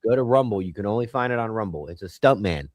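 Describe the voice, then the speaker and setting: A man's voice: on the low side, animated, fast, a little mellow, no echo. A man in casual podcast chat, rambling and argumentative, swearing often. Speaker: podcast host.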